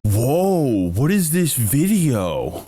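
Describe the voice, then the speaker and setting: A man's voice: sing-song, very slow, faint music behind. A young man reacting to news clips with comedic commentary, swearing and ranting in goofy bursts. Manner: profane, loud, goofy rants with sudden jumps in pitch.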